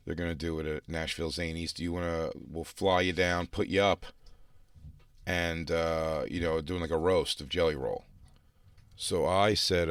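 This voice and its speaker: A man's voice: low-pitched, clean tone, no echo. A man co-hosting a studio talk show, telling a rambling, self-deprecating story in casual banter. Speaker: radio show co-host. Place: radio studio. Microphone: studio microphone.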